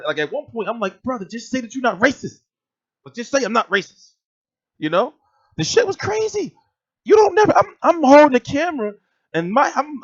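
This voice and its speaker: A man's voice: extremely high pitch, no room sound. A man telling a story in casual, profane, rambling vlog commentary. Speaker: boxing vlogger. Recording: dry, slightly dull lo-fi sound.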